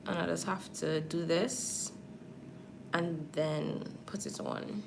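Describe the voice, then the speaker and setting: A woman's voice: lowish voice, steady tone, slow, creaky, noisy background. A makeup artist chatting casually with her viewers on a livestream while she applies false lashes. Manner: chatty, talks straight to viewers.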